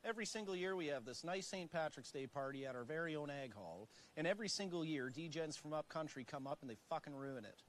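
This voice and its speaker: A man's voice: on the high side, lively intonation, fast, few pauses, slight background noise, lightly acted. A man playing a blunt, swearing farmhand. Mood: lecturing. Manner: blunt, lecturing, swears often. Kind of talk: TV comedy acting.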